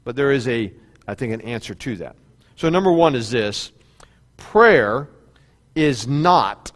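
A man's voice: medium pitch, animated, a little slow, long pauses, long reverb tail. A male pastor giving a sermon in a conversational preaching style, now and then acting out quoted prayers. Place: church sanctuary.

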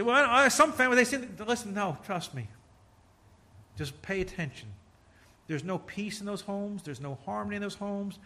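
A high-voiced, middle-aged man preaches a sermon, telling stories punctuated by sudden loud emphasis and bursts of laughter.

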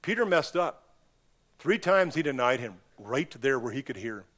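Delivering a sermon in church, this male pastor sounds impassioned and emphatic, with a sing-song quality at moderate pace. He swings abruptly up and down in both pitch and volume.

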